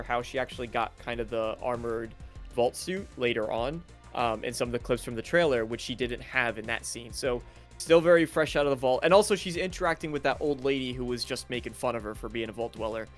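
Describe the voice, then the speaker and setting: A man's voice: mid-range voice, fairly quick, soft background music. A man co-hosting a casual gaming podcast, talking in long rambling sentences with frequent restarts. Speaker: podcast co-host. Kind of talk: casual chat.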